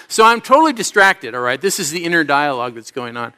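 A man's voice: a little high, sing-song, quick pace, hardly any pauses, bright, forceful tone, clear, resonant tone. A middle-aged man, a pastor, preaching a sermon to a congregation, telling stories in an earnest way with some self-mocking humor. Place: church service before a congregation.

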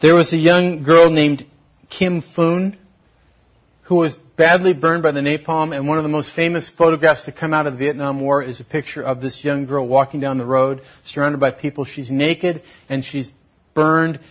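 A man preaching a sermon as pastor, swinging from loud exhortation to hushed, intimate tones. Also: fairly high pitch, flat delivery, normal speed, muffled recording.

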